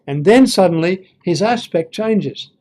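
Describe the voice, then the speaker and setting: A man's voice: high-pitched, animated, unhurried, dark tone. A man giving an informal Bible lesson, thinking aloud with fillers and reading verses with feeling. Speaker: Bible teacher.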